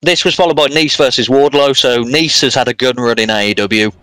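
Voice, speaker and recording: A man's voice: medium pitch, a little fast, pushed and bright, no echo. A man co-hosting a podcast, chatting casually and rambling through a wrestling show recap with lots of fillers. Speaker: podcast co-host. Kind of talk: casual wrestling review chat.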